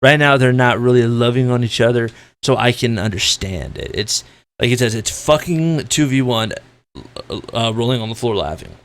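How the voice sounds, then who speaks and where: A man's voice: medium pitch, animated, normal speed. Gritty, blunt gaming commentator, a man. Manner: loud, blunt and profane. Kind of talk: ranting commentary.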